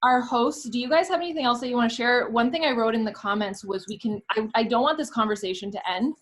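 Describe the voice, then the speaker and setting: A woman's voice: fairly high pitch, fast. Effusive woman hosting a call. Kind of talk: casual chat.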